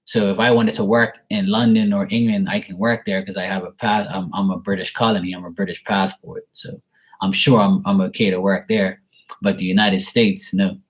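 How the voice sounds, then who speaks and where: A rambling, easygoing man from Bermuda reads out viewer messages and answers them with a relaxed, low-pitched voice. He chats casually, drifts off topic and laughs at his own remarks. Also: moderate pace. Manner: chatty and rambling, laughs at himself. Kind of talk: casual live chat reading.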